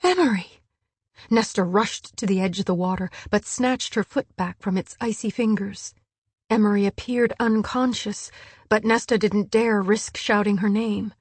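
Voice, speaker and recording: A woman narrating an audiobook in a hushed, measured storytelling voice. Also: mid-range voice, husky, no room sound. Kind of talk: scripted narration.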